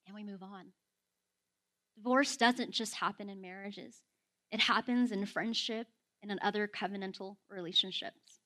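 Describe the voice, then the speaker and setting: A woman preaching a sermon, telling a story and acting out the quotes with rising excitement. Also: medium pitch, moderate pace.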